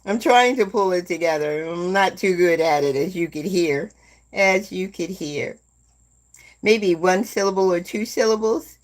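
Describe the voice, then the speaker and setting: A woman in her seventies hosting a live stream, chatting slowly and gently with viewers and calling them "my dear love.". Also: on the low side. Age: 70s. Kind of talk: casual chat with live viewers.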